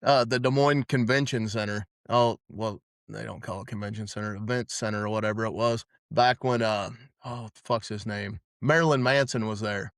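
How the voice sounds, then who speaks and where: A man's voice: fairly low pitch, fairly even intonation, moderate pace, a bit bright, no room sound, studio quality. A man hosting a podcast, telling rowdy concert stories in a rambling, profane way with many restarts. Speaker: podcast host. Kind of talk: casual storytelling chat.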